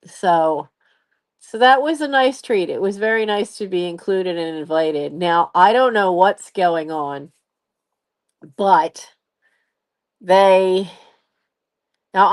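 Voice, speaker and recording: A woman in her late fifties telling a story in a casual live stream, laughing often and acting out what other people said. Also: fairly low pitch. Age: 50s. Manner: animated, laughs often, acts out others' voices. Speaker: channel host.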